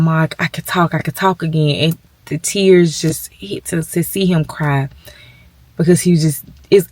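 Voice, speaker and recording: Woman in her 40s, vlogging from work, emotional and chatty, kinda low voice. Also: darkish tone, no room sound. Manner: emotional, talks straight to viewers. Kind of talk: casual vlog update. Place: at her workplace.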